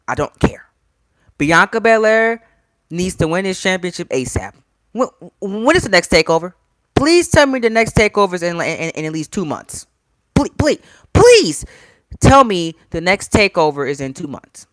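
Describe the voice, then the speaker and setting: A man's voice: high-pitched, fairly bright tone, dry recording. A man reviewing a wrestling show in a casual, exasperated rant, repeating himself and talking straight to his viewers. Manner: exasperated, repetitive, talks to viewers directly.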